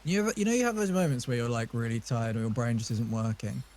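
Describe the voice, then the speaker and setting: A man's voice: medium pitch, fast talker, a little mellow, a little hiss or hum. A man from southern England with a southern English accent, streaming a game and telling rambling, jokey stories in casual chat.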